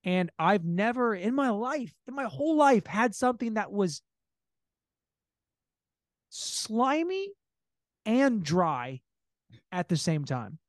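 A man co-hosting a comedy podcast, telling a long story in an animated, profane way and jumping into high voices when he quotes people. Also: slow, pauses often, no echo, studio quality. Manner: laughing, profane. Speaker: podcast co-host.

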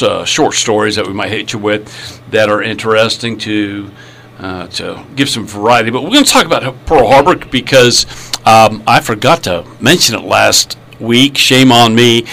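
A man's voice: fairly low pitch, pushed and bright. Folksy male talk show host. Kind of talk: casual radio chat.

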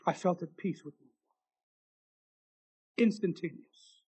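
A man preaching, his voice sitting high for a man. He reads a testimony in an impassioned sermon style, swinging from loud, ringing lines down to hushed ones. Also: measured pace, long pauses, breathy edge, rough recording.

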